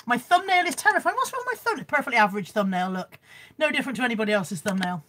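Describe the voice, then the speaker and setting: A hoarse, froggy-voiced woman hosting a casual live stream, chatty and self-mocking as she greets viewers by name. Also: on the high side, big pitch swings, rapid-fire, fairly bright tone. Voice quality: husky, slightly froggy voice. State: hoarse from a cold. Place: indoors at home.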